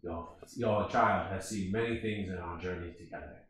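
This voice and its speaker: Samurai Jack, low and solemn, as a man puts him on. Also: moderate pace, fairly bright tone, very echoey, slight background noise. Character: stoic wandering samurai hero, grave and calm.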